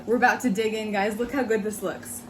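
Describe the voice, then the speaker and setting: A woman's voice: medium pitch, steady tone, brisk. A young woman co-hosting a casual home cooking show, upbeat and talking straight to the viewers. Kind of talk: casual cooking demonstration and chat. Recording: faint room noise.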